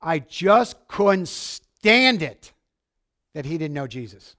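An excitable male preacher with a high voice delivers a sermon in a church. He swings between fervent shouting and quiet, conversational asides. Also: takes it slowly. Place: church sanctuary.

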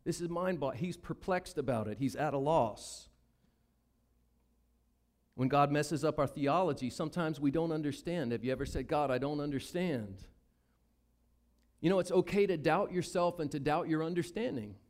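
A man's voice: fairly high pitch, moderate pace. A man with a Southern US accent preaching a sermon, acting out the Bible characters' lines. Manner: animated, acts out Bible characters in voices. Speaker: pastor.

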